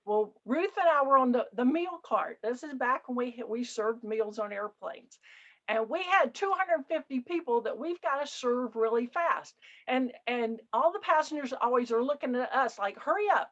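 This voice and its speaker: High-voiced older woman telling jokey stories. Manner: animated, jokey, acts out passengers. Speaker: author presenting her book. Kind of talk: lively anecdotal storytelling. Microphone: video call. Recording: dull lo-fi video call audio.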